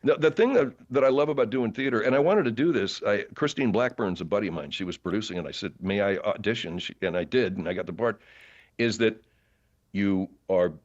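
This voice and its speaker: Rambling low-voiced man telling theater stories. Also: a little fast, lo-fi sound. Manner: rambling, animated anecdotes with many fillers and restarts. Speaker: podcast guest, actor. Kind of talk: casual interview storytelling.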